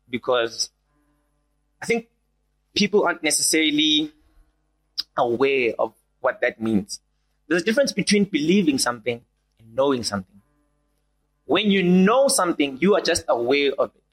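Young man, sermon to a small group, fairly high voice, builds and repeats. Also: husky, poor audio. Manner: animated, repeats key lines, rises to shouts. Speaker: preacher.

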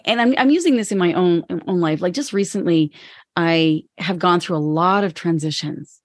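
Woman, podcast co-host, candid, reflective, lowish voice, dry close sound. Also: moderate pace, no echo. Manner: candid, reflective, acts out her inner voice. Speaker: podcast co-host and business owner. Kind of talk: casual podcast conversation.

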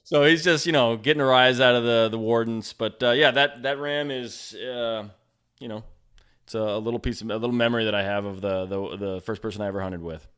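A man's voice: mid-range voice, brisk, fairly bright tone, clear, resonant tone. A man hosting a podcast, telling a story and chatting easily. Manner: easygoing, chuckling, affirming. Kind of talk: casual chat.

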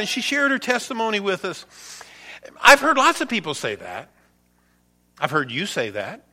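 A man preaching a sermon as pastor, earnest, rising for emphasis and dropping to quiet, low phrases. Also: very animated, moderate pace, long pauses.

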